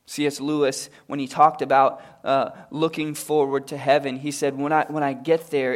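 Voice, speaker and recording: A man, a pastor and father, preaching a sermon at a live church service. He tells stories, rising to loud, emphatic peaks and dropping to hushed, quiet passages before leading a prayer. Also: medium pitch, level tone, normal speed, hardly any pauses. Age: adult, father of a young daughter.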